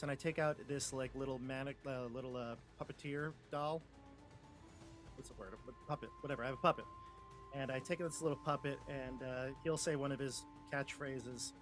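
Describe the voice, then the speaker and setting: A man's voice: medium pitch, steady tone, a little fast, over music. A man playing in a tabletop game, describing his moves casually. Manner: casual, rambling with restarts. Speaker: player.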